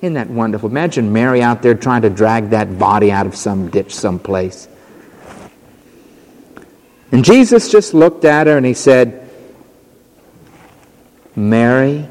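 A man's voice: medium pitch, expressive, moderate pace, long pauses, a little mellow. A man preaching a sermon, teaching through a Bible passage with dramatic storytelling and acted-out quotes, in a large hall.

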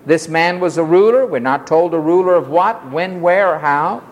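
A man's voice: a little high, normal speed. A man preaching an expository sermon, telling the story expressively and acting out the quotes.

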